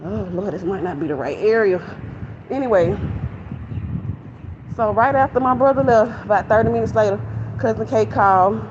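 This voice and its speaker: A young woman with a drawl vents candidly to her viewers, a little out of breath as she walks. Her voice sits in an ordinary middle pitch. The audio is dull phone sound with traffic noise behind her. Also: normal speed, long pauses. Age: young adult. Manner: chatty, candid, venting to viewers. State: out of breath while walking. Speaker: vlogger. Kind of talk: casual rambling vlog. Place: outdoors near a shopping center.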